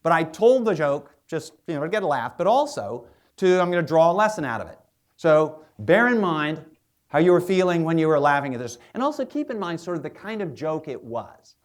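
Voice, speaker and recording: A man's voice: a little high, big pitch swings, a little fast. A man who is a historian and biographer, giving a public lecture as a chatty storyteller with plenty of asides.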